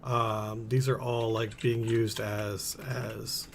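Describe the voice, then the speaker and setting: A man acting as game master, describing scenes haltingly with frequent pauses while he recalls details. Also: on the low side, little pitch movement, vocal fry, a crowd in the background. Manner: hesitant, many ums and restarts while recalling details. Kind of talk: running a tabletop game.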